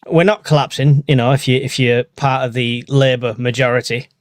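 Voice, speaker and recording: A man's voice: mid-range voice, fairly even intonation, moderate pace, no room sound, studio quality. A man from the UK hosting a live podcast stream in casual chat, joking and laughing often. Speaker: podcast host.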